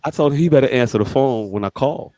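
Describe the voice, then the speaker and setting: A man co-hosting a podcast, telling stories in casual chat with lots of swearing and sudden high-pitched quoted voices. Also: quick pace, dry recording. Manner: animated storytelling, swearing, jumps to high voices when quoting people. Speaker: podcast co-host.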